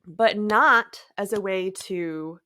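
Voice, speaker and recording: Gentle woman in a dry close recording. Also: medium pitch, slow, no room sound. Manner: gentle, thoughtful, with light laughs and trailing phrases. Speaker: podcast host. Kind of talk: reflective spiritual talk.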